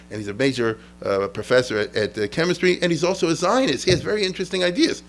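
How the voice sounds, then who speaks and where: A man's voice: on the high side, lively intonation, fast talker, few pauses. A middle-aged man, a rabbi, giving an informal history lecture in a chatty, digressive way, acting out quotes from the people he describes.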